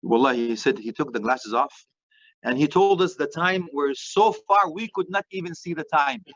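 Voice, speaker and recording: A middle-aged man giving a lively sermon, joking and dropping in phrases. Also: a little high, normal speed, dry recording, dull audio. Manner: animated, joking, mixes Arabic phrases. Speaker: Islamic preacher.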